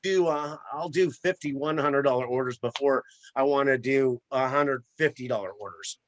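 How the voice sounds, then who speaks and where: A man who runs a flower shop, telling a story in a relaxed interview with plenty of repeated words. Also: mid-range voice, normal speed, no echo. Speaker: florist and shop owner. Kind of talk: casual storytelling in a podcast interview.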